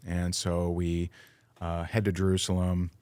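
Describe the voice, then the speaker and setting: A deep, low-voiced middle-aged man recounting a personal story on a podcast. He talks earnestly and with feeling, full of "you know" and restarts. The sound is close and dry, with no room echo. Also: monotone, unhurried, a little mellow, clean tone. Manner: earnest, emotional storytelling with many fillers and restarts. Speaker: podcast guest.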